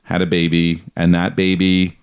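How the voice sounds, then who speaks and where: A man's voice: low voice, completely flat delivery, normal speed, smooth. A young man from Canada hosting a casual conspiracy podcast, rambling through his notes with restarts and frequent laughs. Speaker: podcast host.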